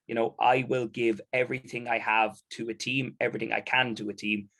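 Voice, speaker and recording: An Irish man, a basketball captain and coach, in casual chat, animated and quick to laugh. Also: medium pitch, vocal fry. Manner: animated, laughs often, acts out sounds.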